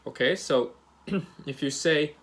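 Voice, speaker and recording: Man explaining grammar, halting with fillers. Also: on the high side. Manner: relaxed, hesitant, many fillers and restarts; acts out example questions with rising and falling intonation. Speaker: English teacher. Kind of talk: recorded grammar lesson.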